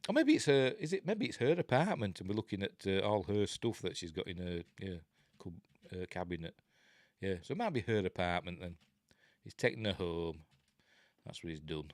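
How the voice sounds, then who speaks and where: A man's voice: deep voice, expressive, normal speed, no echo, studio quality. A middle-aged man with a Yorkshire accent, hosting a casual live film commentary with chatty, sarcastic asides. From Yorkshire, England. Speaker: film review host.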